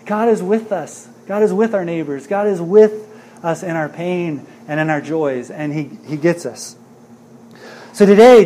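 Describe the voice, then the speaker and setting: A man's voice: on the high side, darkish tone. Earnest conversational male pastor preaching. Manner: conversational, earnest, uses "right?" and "man". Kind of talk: sermon.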